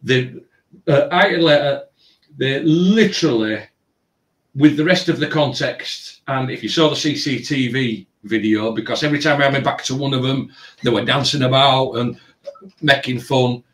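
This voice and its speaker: A man's voice: medium pitch, normal speed, distant mic. A man, casually telling a long story with lots of filler phrases. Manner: rambling, animated retelling with filler phrases. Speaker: tattoo shop owner. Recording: roomy, from away from the mic.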